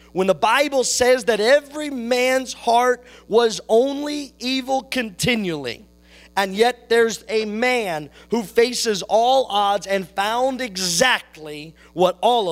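A man preaching a sermon, slow and deliberate, repeating his phrases for emphasis. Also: high-pitched.

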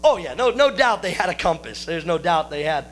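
A man with a notably high voice delivers a sermon, walking his congregation through scripture. He breaks in with folksy jokes and turns to address listeners by name. A low mains hum runs under the recording. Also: sing-song, fairly quick. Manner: folksy, joking asides to the congregation. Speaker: pastor.

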